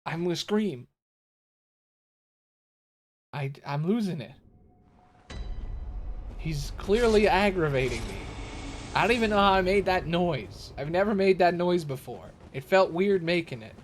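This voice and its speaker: A man's voice: high-pitched, lively intonation, a little slow, long pauses. A man streaming a video game, rambling jokily and getting exasperated at a boss he cannot beat. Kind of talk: casual gameplay commentary. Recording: audible background noise.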